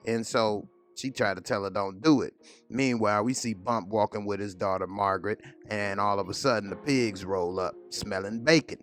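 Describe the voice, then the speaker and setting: A man's voice: on the low side, normal speed, soft background music. A man casually recapping a TV episode in a chatty, storytelling way. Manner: chatty, retelling scenes in voices. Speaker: TV episode reviewer.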